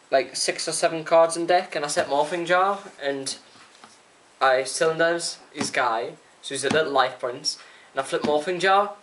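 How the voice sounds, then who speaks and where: A young man, chatting excitedly through a casual vlog recap, full of fillers and acted-out quotes. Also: a little high. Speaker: card game player reviewing a tournament.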